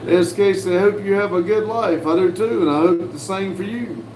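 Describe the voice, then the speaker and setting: A man's voice: sits high, background noise. Folksy American man reading live chat. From United States. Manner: folksy, unhurried, many filler "uh"s, reads viewer messages aloud. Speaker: livestream host reading chat. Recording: roomy with faint background ambience.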